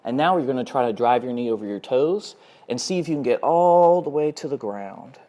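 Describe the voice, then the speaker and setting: Calm male fitness instructor. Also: mid-range voice, fairly quick. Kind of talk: exercise demonstration.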